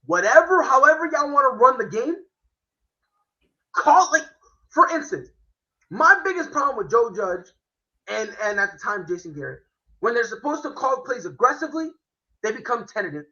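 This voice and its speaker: High, bright-voiced fired-up football talker. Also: male voice, muffled recording. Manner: animated, slangy, swearing, quick impressions. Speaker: host. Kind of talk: casual sports analysis chat.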